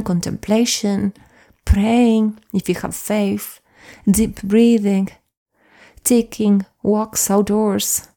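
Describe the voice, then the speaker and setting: A middle-aged woman hosting a self-help podcast, talking gently and soothingly to listeners and sometimes dropping into a whisper. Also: medium pitch, gravelly. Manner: soft and soothing, drops into whispers at times. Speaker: podcast host and coach.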